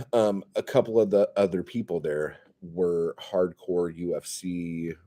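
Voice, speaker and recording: A man casually telling a profane, self-mocking story on a live stream, swinging between loud outbursts and mumbles. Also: deep voice. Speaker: comedian hosting a live stream.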